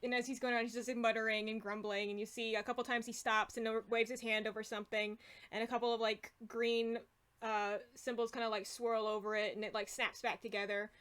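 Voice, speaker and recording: A woman's voice: fairly high pitch, level tone, a little fast, a bit bright. A woman narrating a tabletop game as game master, talking loosely with lots of fillers.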